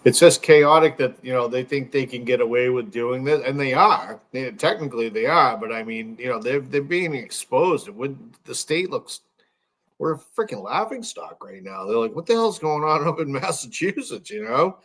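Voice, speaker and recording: A man's voice: mid-range voice, animated, moderate pace, a bit bright. A man hosting a casual podcast, often agreeing and asking loose, rambling questions.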